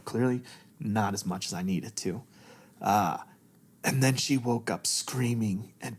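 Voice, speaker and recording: A man in his thirties, a podcast guest, talking candidly and emotionally, close to tears and swearing freely. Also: on the low side. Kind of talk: candid conversation.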